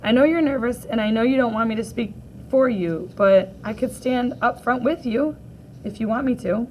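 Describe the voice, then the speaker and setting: A woman voicing a kind, encouraging schoolgirl friend in a storybook read-aloud, in a soft and gentle way. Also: fairly high pitch, normal speed, slight background noise, lightly acted, rough recording.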